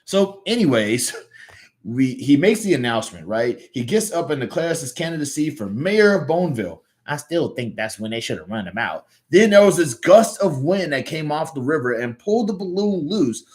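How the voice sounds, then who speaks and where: A man's voice: on the high side, sing-song, moderate pace, a little mellow. A man with a Southern US accent voicing an earnest, good-natured little male cartoon hero telling a story.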